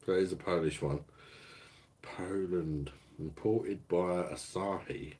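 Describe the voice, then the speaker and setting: Low-voiced, sweary man. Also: steady tone, takes it slowly, dark tone, slightly rough. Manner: sweary, rambling, reads out chat. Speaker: beer reviewer, live stream host. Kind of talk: casual live-stream chat.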